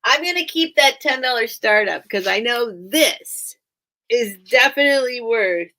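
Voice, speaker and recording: Her voice sits on the high side, animated and sharp, with an unhurried pace. Running a live-stream sale, she chats and rambles while displaying her goods, breaking into giggles again and again.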